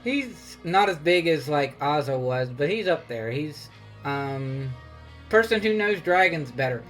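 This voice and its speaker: A man's voice: fairly high pitch, lively intonation, measured pace, fairly bright tone, soft background music. A man narrating as game master of a tabletop game, rambling with many fillers and laughs.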